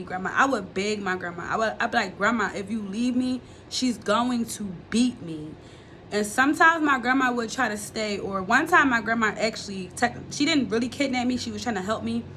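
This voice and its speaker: A woman's voice: medium pitch, bright, forceful tone, a little hiss or hum. A young woman telling her own life story to her viewers in a candid, blunt, profane way, speaking straight to them. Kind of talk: candid confessional storytelling to camera.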